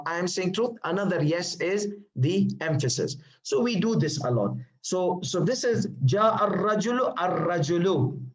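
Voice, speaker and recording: A man's voice: on the high side, a little mellow, low-quality recording. A man teaching a grammar lesson to a class, patiently explaining and repeating examples, often asking questions and answering them himself.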